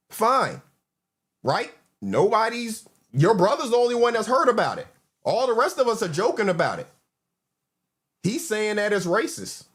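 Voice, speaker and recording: A man in casual panel chat, arguing and repeating his questions. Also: high-pitched.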